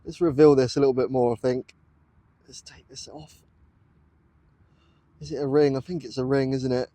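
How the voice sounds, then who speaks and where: A British man from the UK vlogs outdoors in a muddy field while metal detecting, breathless and awestruck, repeating exclamations to his viewers. His medium-pitched voice is mellow, with fairly even intonation and a normal speed. It's excited outdoor commentary captured by a camera on a tripod, with no echo.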